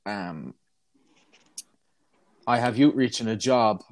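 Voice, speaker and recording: Teen Galway Irish singer, podcast guest, laughy and self-mocking, close dry sound. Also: male voice, on the low side, slow pace, no room sound. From Ireland. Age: late teens. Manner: giggly, self-mocking, animated. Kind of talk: casual chat.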